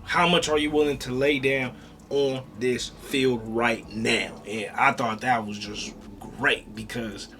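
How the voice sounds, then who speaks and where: A man giving a casual, animated review, talking in slang, repeating himself and swearing. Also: mid-range voice, slow, slight background noise. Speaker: reaction video reviewer.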